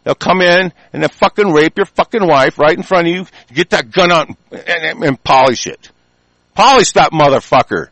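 Man, angry heated rant, profane, stumbling restarts, high-pitched voice. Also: lively intonation, normal speed, a bit bright, dry recording. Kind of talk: angry monologue.

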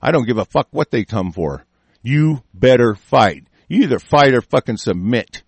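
Hosting an online political broadcast, this man launches into an angry, profane rant, restarting and repeating himself as he gets more heated. His mid-range voice is gravelly and husky, with lively intonation and a fairly quick pace. The recording has no echo.

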